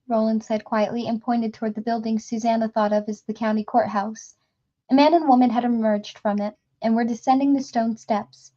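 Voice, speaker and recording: A woman reading a novel aloud in a steady storytelling manner, with small slips and restarts. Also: on the high side, moderate pace, muffled recording. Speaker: audiobook reader. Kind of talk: reading a novel aloud, voicing characters lightly.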